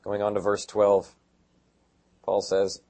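A middle-aged man preaching a sermon in a conversational, joking way, slipping into quick voices of the people he describes. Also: fairly low pitch, monotone, a little mellow. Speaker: pastor.

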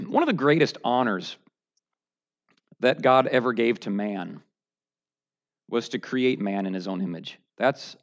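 A man preaching a verse-by-verse sermon, dropping to low, quiet musing and then rising to loud, high mocking outbursts. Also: dull audio.

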